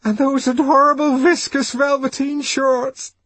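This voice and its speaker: A man voicing a stout aging woman who gushes in a hoarse, sobbing torrent of words. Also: very high-pitched, level tone, unhurried, fairly bright tone, dry recording, pitched above the performer's own voice. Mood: tearful gushing.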